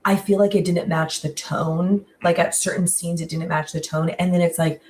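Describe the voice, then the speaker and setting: A woman's voice: lowish voice, moderate pace, recorded from a distance. A woman in casual podcast chat, reviewing a series animatedly with lots of "like" and emphatic asides. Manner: animated, frequent "like" and laughs, exaggerated emphasis.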